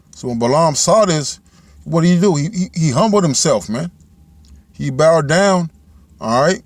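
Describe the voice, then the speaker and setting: Give me a man teaching scripture in a loose, conversational way, reading verses slowly. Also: a little high, no room sound. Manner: loose and conversational, ends phrases with "man" and "all right"; reads scripture aloud in slowed, measured cadence. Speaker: Bible teacher. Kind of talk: informal Bible teaching.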